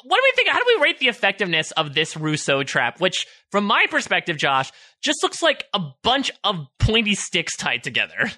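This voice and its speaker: A man co-hosts a casual podcast with a high, very bright voice that rises and falls a lot. He talks playfully and animatedly, often joking and acting out bits. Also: a little fast, hardly any pauses. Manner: playful, animated, jokes and acts out characters. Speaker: podcast co-host recapping a TV series. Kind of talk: casual chat.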